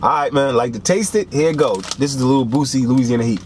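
A young man hosting a casual snack taste-test vlog, animated and joking, with lots of slang. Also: mid-range voice, fast, background noise. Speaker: snack reviewer.

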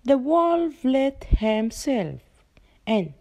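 A young woman reads a children's story aloud, very slowly and with many restarts on words. Her voice is fairly high yet mellow and soft in tone. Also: big pitch swings. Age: young adult. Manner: halting reading with frequent restarts. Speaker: student reading a story.

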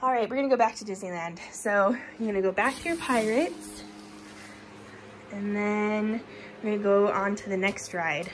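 A woman's voice: mid-range voice, moderate pace, slight background noise. A woman in her thirties giving a chatty home tour vlog, recorded on a handheld phone in the rooms of a basement. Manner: chatty, laughs often, drops to a whisper in a spooky room. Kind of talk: casual walkthrough vlog.

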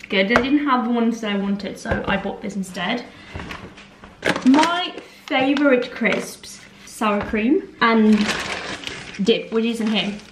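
A fairly high-voiced young woman from Norway chats through her day in a rambling, giggly way, speaking English that is not her first language. Her voice bounces around an echoey room, picked up by a small camera that sits a little way off. It sounds like a relaxed home vlog. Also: distant mic. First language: Norwegian. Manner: chatty, rambling, giggly asides. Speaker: vlogger. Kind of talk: casual vlog chat. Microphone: compact camera held or set nearby.

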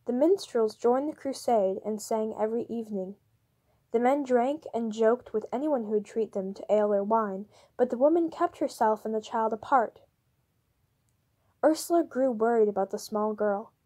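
Female audiobook narrator, steady and even, slightly high voice. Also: moderate pace. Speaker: audiobook reader. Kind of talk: storybook narration.

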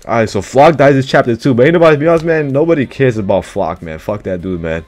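A man's voice: mid-range voice, lively intonation, fast, darkish tone. A man casually reacting to an anime chapter, slangy and profane, who keeps blurting out exclamations.

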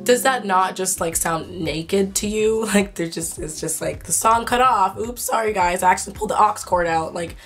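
Excitable young woman vlogger with a sore throat. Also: mid-range voice, normal speed, few pauses, faint music behind. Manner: excitable, swearing, laughing, incredulous. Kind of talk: casual chat to camera.

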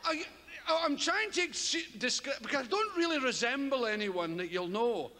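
High-voiced Scottish man doing rambling stand-up. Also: moderate pace. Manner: rambling, profane, animated storytelling. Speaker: stand-up comedian. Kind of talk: live stand-up comedy. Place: large theater stage. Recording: reverberant live hall with loud audience.

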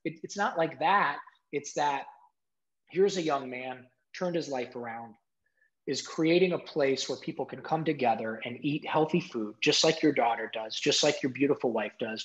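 A middle-aged man telling an emotional story as an interview guest, animated, acting out quotes and using many "like" fillers. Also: mid-range voice. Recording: dull lo-fi sound.

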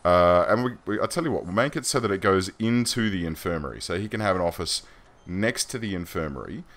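A man's voice: deep voice, expressive, fairly quick, a bit bright. An Australian man giving chatty, rambling gameplay commentary as a let's play host, self-deprecating and loose.

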